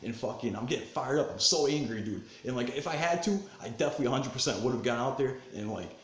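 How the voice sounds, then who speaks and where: A man in his thirties telling a rough personal story in a casual, profane way, getting heated and then calming down, recorded at home in his living room. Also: medium pitch, fast. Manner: profane, animated, swings between fired-up and subdued. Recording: roomy echo, faint background noise.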